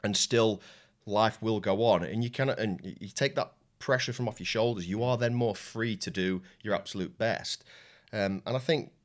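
Low-voiced Yorkshire man telling stories. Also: normal speed. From Yorkshire, England. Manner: candid storytelling with frequent restarts and swearing. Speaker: jiu-jitsu coach and competitor, guest. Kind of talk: casual podcast conversation.

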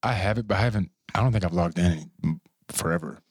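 Lower-voiced man, joking podcast chat. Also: quick pace, breathy edge, no room sound, clean studio sound. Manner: joking, swears casually. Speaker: podcast co-host. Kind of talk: casual chat. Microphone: studio microphone.

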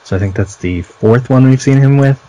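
A man's voice: mid-range voice, a little fast, dark tone, dull audio, slight background noise. A man from the United States co-hosting a casual film discussion, analytical and pointing out visual details. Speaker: podcast co-host.

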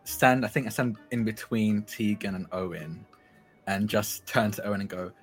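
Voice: low-pitched, steady tone, moderate pace, husky, soft background music. Player thinking aloud at a tabletop game. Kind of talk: casual tabletop play.

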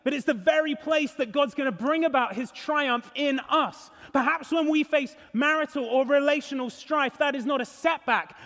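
High voiced male pastor giving an earnest sermon, lots of echo off the church walls. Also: fairly bright tone. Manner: earnest, emphatic, rising and falling.

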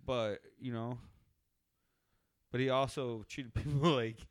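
A man of middle pitch reminisces in a laid-back, profane way. His voice comes through smooth and clear, recorded dry and close. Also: fairly even intonation, takes it slowly, no echo. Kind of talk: casual chat.

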